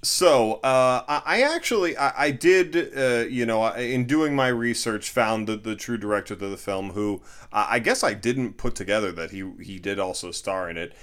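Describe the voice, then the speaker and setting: A man's voice: medium pitch, normal speed, hardly any pauses, a bit bright. A man co-hosting a casual film-review podcast, joking sarcastically and often restarting his sentences. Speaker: podcast co-host.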